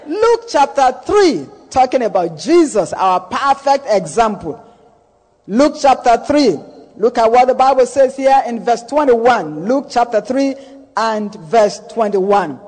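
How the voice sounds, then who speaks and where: A man's voice: very high-pitched, very animated, slow, darkish tone, in a large hall, low-quality recording. A man preaching a sermon, emphatic and repetitive, calling on the congregation to answer. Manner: emphatic, repeats key phrases, calls for congregation response.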